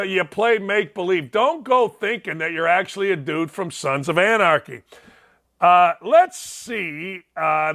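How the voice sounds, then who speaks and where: A man with a Northwest Indiana accent, hosting a sports talk show and delivering loud, mocking, opinionated commentary that sometimes rises into shouting. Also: high-pitched. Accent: Northwest Indiana (Gary). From Northwest Indiana, USA.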